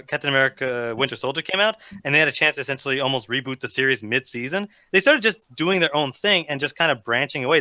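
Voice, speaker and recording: A man in a casual podcast chat, who argues his points quickly. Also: on the high side, bright, forceful tone, dry recording, muffled recording. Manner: fast, argumentative. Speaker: podcast co-host.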